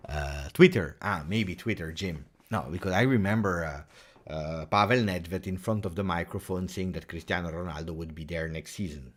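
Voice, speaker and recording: Casual live-stream host, man, very low voice, rambling. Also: normal speed. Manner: rambling, hesitant, many fillers. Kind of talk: casual live-stream chat, reading viewer comments.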